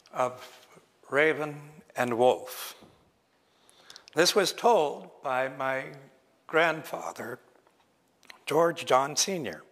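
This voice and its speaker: Man telling traditional tales, unhurried with pauses, recorded in a reverberant lecture hall. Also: fairly high pitch, a bit bright. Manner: slow, deliberate, pausing often. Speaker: traditional storyteller. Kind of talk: traditional oral storytelling at a lecture.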